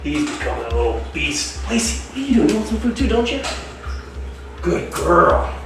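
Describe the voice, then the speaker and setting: Over music, a man with a slightly high, sing-song voice speaks at a moderate pace. He's a reptile keeper and show host running a casual animal-keeping vlog, enthusiastically coaxing his reptiles along, captured from afar in an echoey room.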